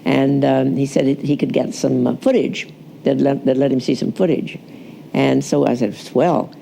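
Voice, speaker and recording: A man's voice: a little high, gravelly. A man interviewed for a documentary, chatty, telling stories with fillers and restarts. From Texas, USA. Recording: music playing under the voice.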